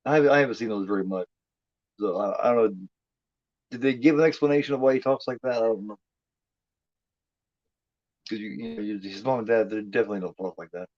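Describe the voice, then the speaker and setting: A man's voice: lowish voice, quick pace, pauses often, a little mellow, no echo. A man giving casual, rambling watch-along commentary on a movie, laid-back and heavy on swearing. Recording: dull lo-fi, dry.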